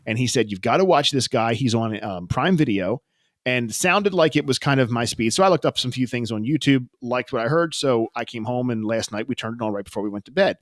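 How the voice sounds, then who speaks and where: A man's voice: medium pitch, animated, fairly quick, no room sound, clean studio sound. Chatty man telling rambling stories. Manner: rambling storyteller, acts out quoted dialogue. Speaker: podcast co-host. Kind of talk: casual chat.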